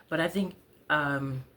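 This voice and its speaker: A woman telling a casual personal story in a relaxed, chatty way, clearing her throat now and then from a cough. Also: sits low. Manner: slow, relaxed, chatty with fillers and soft laughs. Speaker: poet and storyteller.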